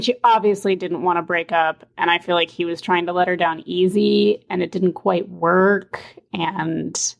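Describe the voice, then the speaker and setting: A woman's voice: fairly low pitch, creaky. A woman co-hosting a casual chat about a reality show, chatty and full of "like"s. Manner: chatty, many "like"s, laughs easily. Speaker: podcast co-host.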